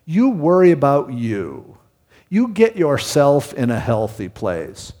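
A man's voice: fairly high pitch, wildly swooping pitch, takes it slowly, warm tone. A man preaching a Bible-teaching sermon in a conversational way, often asking rhetorical questions. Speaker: pastor. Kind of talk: expository sermon. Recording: long hall reverb.

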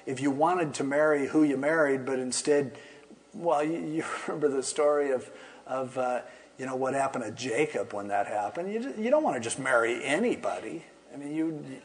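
A pastor teaching a Bible passage in an easygoing, conversational way, retelling the story with humorous asides. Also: male voice, mid-range voice, normal speed, darkish tone.

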